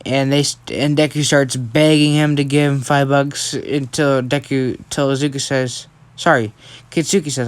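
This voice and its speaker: A man's voice: mid-range voice, steady tone, moderate pace, dry recording. Brief: young male storyteller, self-correcting, chatty; dry close-mic sound. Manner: rambling, self-correcting, keeps adding "right?". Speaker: fan storyteller. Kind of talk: casual storytelling.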